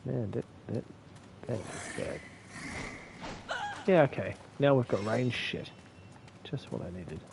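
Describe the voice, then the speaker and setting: A man's voice: medium pitch, expressive, slow pace, vocal fry, pauses often, noisy background. A man from New with a slight lisp, mumbling and laughing through casual, profane commentary as he streams a game. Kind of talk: casual live gameplay commentary.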